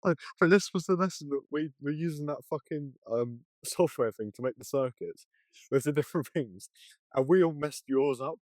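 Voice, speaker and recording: A man's voice: on the high side, normal speed, darkish tone, no room sound. A young man co-hosting a podcast, telling stories in casual chat, swearing a lot and acting out what people said. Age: young adult. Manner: swears a lot, acts out quotes. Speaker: podcast co-host.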